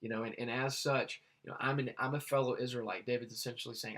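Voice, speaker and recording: A man reading Bible verses aloud and explaining them in a halting way, with many fillers and restarts. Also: medium pitch, fairly even intonation, a bit bright. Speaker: Bible teacher.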